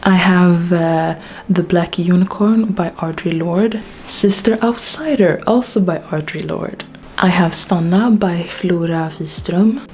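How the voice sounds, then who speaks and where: Swedish woman doing a bookshelf tour vlog, kinda low voice, bit out of breath, lots of ums, faint background hiss. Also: darkish tone. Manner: chatty and self-deprecating, frequent fillers and laughs. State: slightly out of breath. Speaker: book vlogger.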